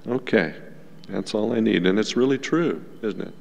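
Pastor, male, low gravelly voice, slow unhurried sermon delivery, long church reverb. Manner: unhurried, gentle teaching tone with asides to the congregation. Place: church sanctuary.

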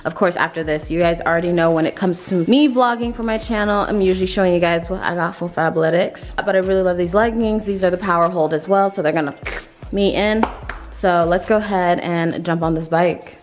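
A woman's voice: a little fast, soft background music. A woman in her twenties chatting casually to camera in a home vlog, talking to her dogs at times. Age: 20s. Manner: chatty, talks to her dogs in a high sing-song voice. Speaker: vlogger. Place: home, bathroom and workout room.

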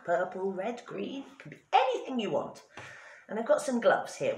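Expressive woman telling a children's story. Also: deep voice. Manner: expressive, sing-song storytelling. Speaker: children's English teacher. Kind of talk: reading a story aloud to children. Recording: roomy echo.

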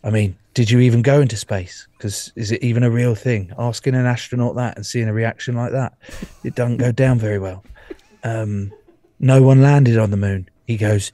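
A man's voice: medium pitch, normal speed, warm tone, dry recording. A man on a video call chatting about his podcast, rambling and swearing, laughing often. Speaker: podcast guest. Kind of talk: casual chat.

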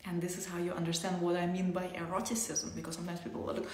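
A woman giving a spiritual tantra teaching, speaking softly, often dropping to a whisper, with laughs between thoughts. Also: lowish voice, level tone, very fast, echoey room.

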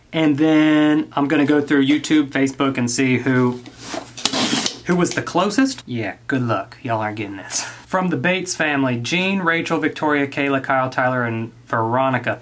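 A man chatting casually to his camera as he opens fan mail, teasing his viewers and breaking into excited yelps. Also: on the high side, background noise. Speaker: vlogger opening fan mail.

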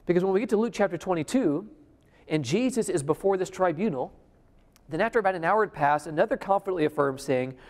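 A man preaching a sermon at a conference. He swings between loud emphasis and a hushed near-whisper, and he keeps asking the audience questions. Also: sits high, animated, fast. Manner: addresses the audience directly with questions. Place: conference hall before a live audience. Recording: long hall reverb.

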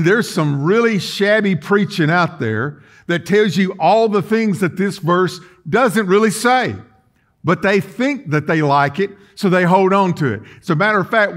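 A man preaching a sermon in a church, folksy and emphatic, swinging between quiet and loud. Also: high voice, lively intonation, unhurried. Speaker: pastor. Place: church sanctuary.

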